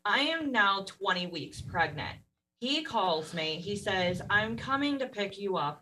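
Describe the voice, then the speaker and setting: Animated woman telling a hunting story. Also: mid-range voice, recorded from a distance, poor audio. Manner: animated, laughs often, acts out quotes. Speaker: podcast guest. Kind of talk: casual storytelling.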